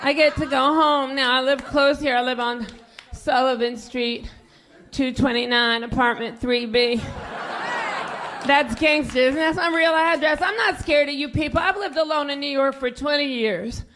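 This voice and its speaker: A brash woman performing stand-up, shouting some of her punchlines. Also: high-pitched, steady tone, moderate pace. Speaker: stand-up comedian. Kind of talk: stand-up set. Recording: live club with loud crowd and noise.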